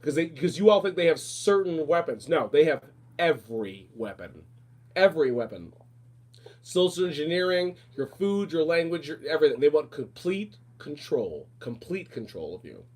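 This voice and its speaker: A man's voice: fairly high pitch, very animated, a little mellow. A man hosting a podcast, talking in a casual, emphatic rant that repeats its points. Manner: emphatic, repetitive, fast rants. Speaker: podcast host. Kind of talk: casual ranting talk.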